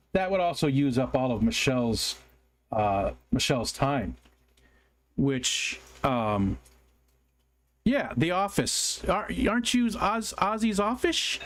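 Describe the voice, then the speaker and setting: A man from the United States hosts a relaxed livestream, talking to his viewers and answering their comments as they come in. His voice sits a little high for a man. He rambles and apologizes freely, filling pauses with ums and restarting his sentences. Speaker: livestream host. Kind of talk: casual livestream chat, reading viewer comments aloud.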